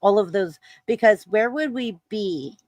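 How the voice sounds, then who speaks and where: A woman's voice: mid-range voice, animated, measured pace, darkish tone, no echo. A woman panelist chatting enthusiastically in a casual group conversation, often repeating herself.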